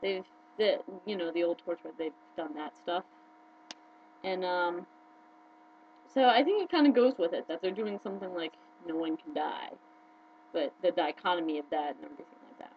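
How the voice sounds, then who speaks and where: Chatty woman on a dull lo-fi recording. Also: a little hiss or hum. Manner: chatty and excitable, with quick jumps in pitch. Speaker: video blogger. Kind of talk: casual fan chat to camera.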